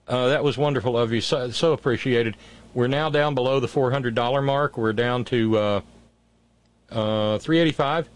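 A man's voice: mid-range voice, moderate pace. Easygoing male radio host. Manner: relaxed, wry, thanks listeners. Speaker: radio talk show host. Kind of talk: call-in radio talk.

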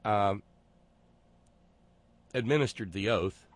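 A man with a lowish voice holds forth in a loose monologue, trailing off and restarting as he goes. His sarcasm is dry, and the recording sits close and dry, with no room around it. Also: no room sound. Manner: sarcastic, digressive, with halting restarts. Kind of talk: casual monologue.

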